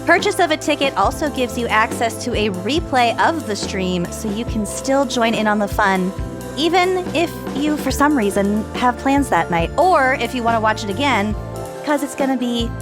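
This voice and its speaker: A woman's voice: a little high, expressive, normal speed. Chatty woman co-host over music. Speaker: podcast co-host. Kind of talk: casual chat.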